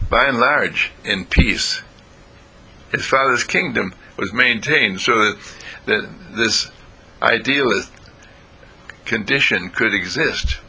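Slow, bright-voiced male spiritual lecturer. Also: lowish voice, breathy edge. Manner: slow, halting delivery with long pauses; repeats phrases for emphasis. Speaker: spiritual teacher.

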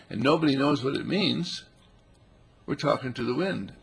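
A man giving a playful, animated spiritual talk, now and then putting on animal voices. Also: on the high side, normal speed. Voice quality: gravelly, husky.

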